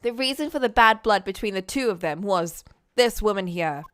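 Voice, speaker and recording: A woman voicing a calm, confident female defense attorney in a game, composed and reassuring. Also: mid-range voice, normal speed, clean tone, no echo, lightly acted.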